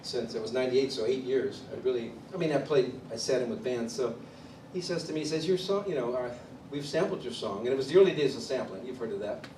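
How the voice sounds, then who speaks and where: A man from Chicago, a drummer, tells his story at a clinic in an animated way and acts out the voices of the people he quotes. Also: medium pitch, fast, hardly any pauses. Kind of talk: storytelling interview. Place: drum clinic in a studio room. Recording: distant mic in an echoey room with background noise.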